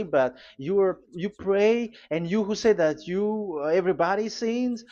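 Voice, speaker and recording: A man's voice: sits high, darkish tone. A man preaching a live sermon, reading scripture aloud and pressing urgent warnings on his listeners, with frequent fillers and restarts. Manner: halting, many fillers and restarts. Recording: dull lo-fi sound.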